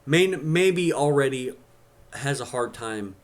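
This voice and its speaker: A man in his thirties hosting a livestream, picking apart a film's psychology in a casual, halting way, restarting his sentences often. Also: mid-range voice, lively intonation. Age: 30s. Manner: analytical, halting with many restarts. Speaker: stream host.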